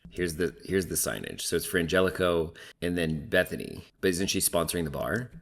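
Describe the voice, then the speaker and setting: Deep-voiced chatty man recapping TV. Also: animated, moderate pace, vocal fry. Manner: chatty, gossipy, heavy use of "like". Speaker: reality TV recap commentator. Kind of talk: casual recap commentary.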